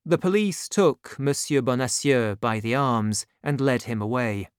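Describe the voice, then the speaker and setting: A narrator reading a storybook aloud in a clear, even storytelling manner. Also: medium pitch, measured pace, few pauses, dry recording, clean studio sound.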